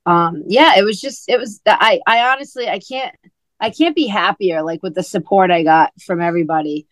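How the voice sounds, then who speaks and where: A woman's voice: medium pitch, normal speed, dry recording. A woman co-hosting a podcast, chatting casually and telling stories, acting out what others said. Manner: chatty storyteller, acts out quoted talk. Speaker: podcast co-host and author. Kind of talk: casual chat.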